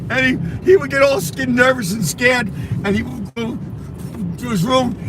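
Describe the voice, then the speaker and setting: A man's voice: very high-pitched, normal speed. A man host telling a rambling story in casual chat, repeating himself and laughing, from inside a car with road noise.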